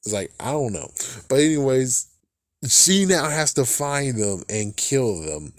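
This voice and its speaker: A man's voice: mid-range voice, sing-song, measured pace, no echo, studio quality. A young man recapping a movie in a loose, rambling way, swearing freely and restarting his sentences. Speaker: movie reviewer.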